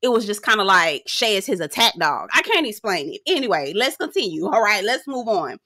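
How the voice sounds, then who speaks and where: A woman's voice: medium pitch, very animated, brisk, sharp tone, no room sound, studio quality. A young adult woman giving a sassy, blunt, profane recap of a reality show, talking straight to her viewers. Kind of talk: casual recap commentary.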